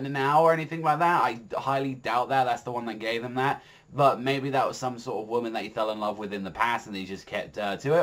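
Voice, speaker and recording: A man giving a casual spoken manga chapter review. He rambles with lots of fillers, swears freely and gets excitable. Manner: excitable, jumps in pitch when enthused.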